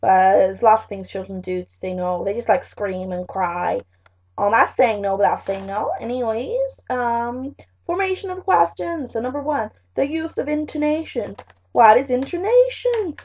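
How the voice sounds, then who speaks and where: A high-pitched teenage girl vlogs her revision tips in a casual, rambling way, leaning on fillers. Her comes through plainly. The sound is dull and lo-fi, as from a home webcam mic. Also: expressive, normal speed, a little mellow. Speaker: vlogger.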